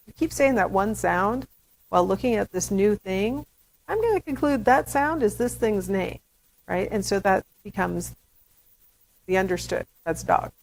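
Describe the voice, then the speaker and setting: A woman's voice: mid-range voice, animated, normal speed, a little mellow, a little hiss or hum, poor audio. A woman giving a recorded lecture to students in a chatty style, with playful asides. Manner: acts out baby talk in demonstrations. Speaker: university lecturer.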